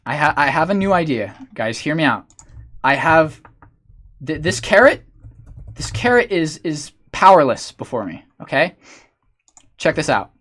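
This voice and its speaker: A man streaming, chatting excitedly with his viewers as he plays along with a story game. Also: a little high, measured pace, pauses often. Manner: excitable, talks to chat. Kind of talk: casual livestream chat.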